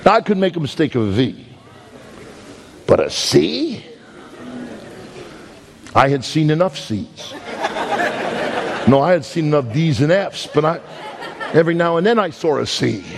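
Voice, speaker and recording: A man with a Brooklyn accent preaching a sermon, emphatic, swinging between high loud peaks and slow low words. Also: very animated, vocal fry, a crowd in the background. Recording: long hall reverb.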